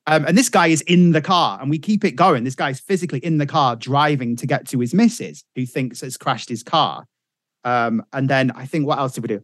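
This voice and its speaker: A man's voice: mid-range voice, fairly quick, no echo, studio quality. A middle-aged man, a radio presenter telling stories in casual chat, swearing freely. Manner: animated storyteller, swears freely.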